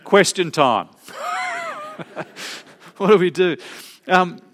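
A man preaching a sermon as pastor, emphatic, slowing down to stress key phrases. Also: high voice, animated, fairly bright tone. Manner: emphatic, varied pace with slow stressed phrases.

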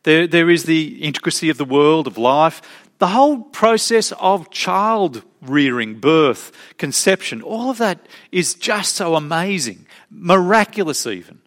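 A man preaching a sermon as pastor, emphatic, slowing down to stress key phrases. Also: fairly high pitch, animated, fairly bright tone. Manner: emphatic, varied pace with slow stressed phrases.

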